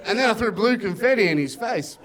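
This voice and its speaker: High-voiced man doing stand-up. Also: expressive, heavy background noise. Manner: brash, quick storytelling, shouted punchlines. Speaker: stand-up comedian. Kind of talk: stand-up set.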